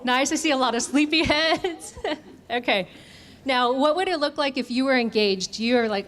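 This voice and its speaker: A woman's voice: high voice, moderate pace, fairly bright tone. A woman trainer leading an interactive workshop, asking the audience questions and answering them. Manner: engaging, asks audience questions. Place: conference room.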